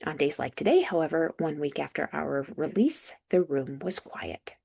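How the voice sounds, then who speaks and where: A woman's voice: on the low side, creaky, a little mellow, breathy edge. A young woman reading a first-person audiobook with dry, wry asides. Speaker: audiobook narrator.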